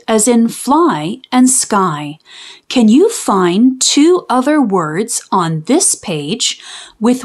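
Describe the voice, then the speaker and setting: A woman reading a children's book aloud and explaining phonics in a clear, teacherly way. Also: mid-range voice. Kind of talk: read-aloud storytime with phonics lessons.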